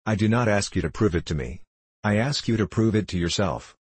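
A blunt, cutting young agitator, read aloud by a man in an audiobook. His voice sits very low and carries a husky edge. The recording is dry and close. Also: expressive, fairly quick, dry recording. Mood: stern. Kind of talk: audiobook character reading.

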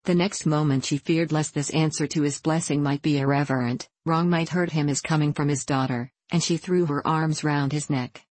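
A woman narrating a classic novel as an audiobook in a calm, even reading. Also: low voice, normal speed, few pauses, dry recording.

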